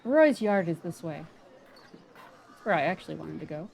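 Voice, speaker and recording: A woman's voice: on the low side, lively intonation, moderate pace, gravelly, darkish tone. A woman playing a story game aloud and chatting about it in a casual, self-deprecating way. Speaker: game player voicing characters. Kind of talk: casual commentary.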